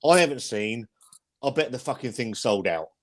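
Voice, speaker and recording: A man hosting a relaxed livestream, talking bluntly and swearing freely. He rambles, restarting his sentences as he works through his points. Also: mid-range voice, moderate pace. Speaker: host. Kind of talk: casual livestream beer chat.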